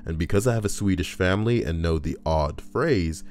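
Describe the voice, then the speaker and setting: A male YouTuber gives a comedic reading of Reddit stories, interrupting with crude jokes as faint music plays. He speaks a little fast, in a low-pitched, darkish voice.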